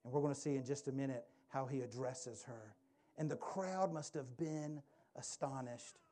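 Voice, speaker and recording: A man preaching a sermon, swinging between lively emphasis and quiet, slow intensity. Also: mid-range voice. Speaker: pastor. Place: church or meeting room with a live audience.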